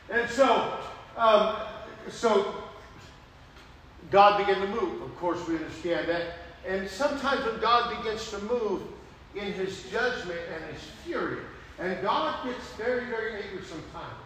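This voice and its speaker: A man preaching a sermon, animated, acting out prayers in a raised voice. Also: high-pitched, slight background noise. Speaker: pastor. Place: church sanctuary. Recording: echoey room heard from a distance.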